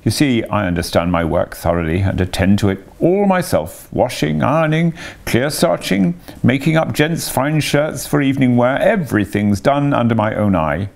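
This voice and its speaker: A man voicing a boastful male toad disguised as a washerwoman, bragging in an airy falsetto. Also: big pitch swings, normal speed, gravelly, a little mellow.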